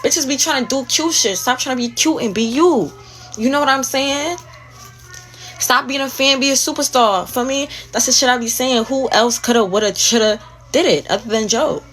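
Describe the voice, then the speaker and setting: Woman, profane boastful rant, higher register, repetitive and brash. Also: moderate pace, fairly bright tone. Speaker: self-promoting speaker.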